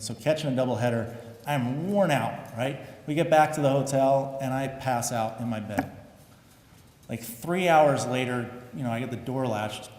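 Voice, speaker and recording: A man in his forties giving a hall of fame acceptance speech at a podium, telling stories and acting out what others said, turning soft and heartfelt. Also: mid-range voice. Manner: storytelling, acts out quotes, grows emotional and soft. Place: large hall. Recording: echoey hall, faint background noise.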